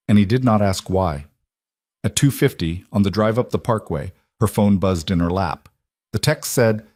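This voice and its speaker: A man narrating a dramatic story in short, even, declarative sentences. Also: fairly low pitch, normal speed, no room sound, studio quality.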